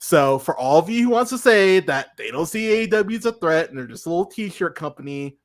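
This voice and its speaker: A man's voice: fairly high pitch, animated, fairly quick, no echo, studio quality. A man hosting a podcast, chatting casually in an emphatic, ranting way, with some swearing. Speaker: podcast host.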